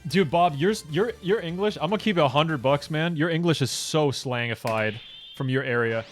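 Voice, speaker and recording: Speedrunning a game, a young man chats loosely with his stream chat, talkative and swearing a lot. His voice sits a little high and moves at a normal speed, with soft music playing in the background.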